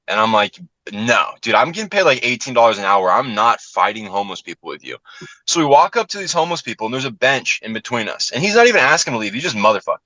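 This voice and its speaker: Fast, bright-voiced profane storyteller man. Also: mid-range voice, no echo, poor audio. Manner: profane, animated storyteller acting out quotes. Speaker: comedian and podcast guest. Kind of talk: casual storytelling chat.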